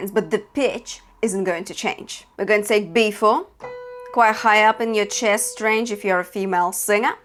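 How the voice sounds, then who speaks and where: A woman's voice: medium pitch, fairly bright tone. A woman vocal coach giving a singing lesson, encouraging her learners and demonstrating sounds. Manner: encouraging, directly addresses learners.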